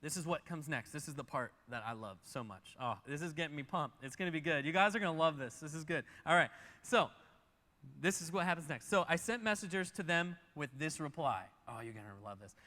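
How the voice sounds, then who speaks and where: A man preaching a sermon as pastor, telling the story fast and animatedly and acting out the characters. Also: on the high side, expressive, sharp tone, big-room sound. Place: church auditorium.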